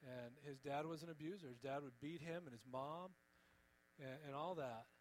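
A man preaching with a slightly higher voice, earnest and gentle. He pleads with his listeners and lets key words fall quiet. A faint mains hum sits under the recording. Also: normal speed, poor audio. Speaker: pastor. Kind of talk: sermon.

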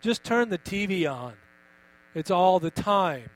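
A man delivers a sermon with emphatic force, pitched a little high for a male voice. He keeps turning questions back on his congregation. A steady mains hum runs beneath the recording. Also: slow, rough recording. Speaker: pastor.

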